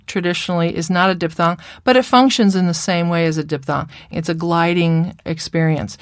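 A woman's voice: on the low side, fairly bright tone, no echo, studio quality. A middle-aged woman speech therapist giving an instructional lecture, modeling a child's speech errors as she goes.

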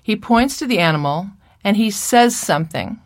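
Measured woman lecturing on speech therapy. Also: medium pitch, expressive, no echo, studio quality. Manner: clear, measured teaching voice with playful child and mother impressions. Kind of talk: recorded lecture presentation.

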